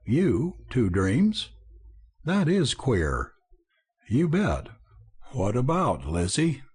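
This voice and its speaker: A man voicing a rough-spoken frontier husband with gruff folksy bluster. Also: medium pitch, huge pitch swings, very slow, darkish tone, heavily acted. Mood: puzzled.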